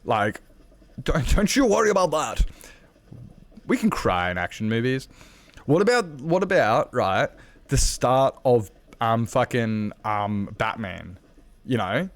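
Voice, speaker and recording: A man's voice: medium pitch, dry recording. Male game streamer, mid-range voice, dry close mic, rambling candid chat with casual swearing. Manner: rambling, chatty and candid, swears freely, many fillers. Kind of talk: casual live-stream chat while gaming.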